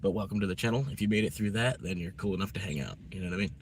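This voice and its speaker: A man's voice: low voice, racing, a little hiss or hum. A man chatting casually on a live stream, rambling in a laid-back way.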